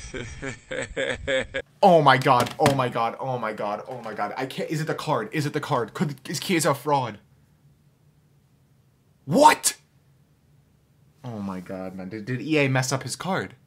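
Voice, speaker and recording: Husky, excitable gaming commentator man. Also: mid-range voice. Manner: excitable, shouts and groans at near misses; addresses viewers as boys. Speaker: gaming YouTuber. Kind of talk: player review and live gameplay commentary.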